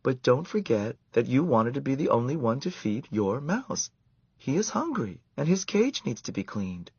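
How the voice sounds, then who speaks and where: A man voicing a kind older woman who speaks gently and calmly. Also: mid-range voice, normal speed, husky, no echo, muffled recording, voice pushed up. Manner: gentle and calm. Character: kind, calm older woman camp helper.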